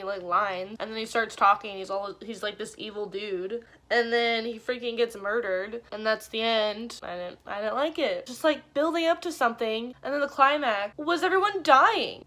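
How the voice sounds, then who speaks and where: A young woman giving a casual, exasperated spoken film review, full of "like" and quick asides. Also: fairly high pitch, fairly bright tone. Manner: chatty, frequent "like", exasperated.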